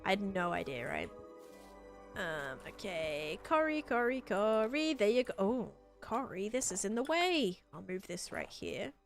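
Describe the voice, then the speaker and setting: A woman's voice: mid-range voice, big pitch swings, measured pace, creaky. A woman chatting casually and bubbly on a live stream while playing, thanking her viewers. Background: faint background music.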